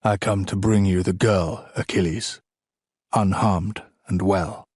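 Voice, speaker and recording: A man's voice: low voice, steady tone, slow, darkish tone, no echo, studio quality. A man narrating an audiobook, voicing a proud middle-aged king who speaks in a formal, stiff, subdued way. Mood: stiffly formal.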